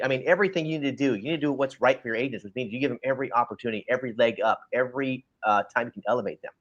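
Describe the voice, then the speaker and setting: A man's voice: medium pitch, a bit bright, lo-fi sound. A man co-hosting a casual talk show, ranting bluntly and lecturing the listener directly. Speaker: podcast co-host.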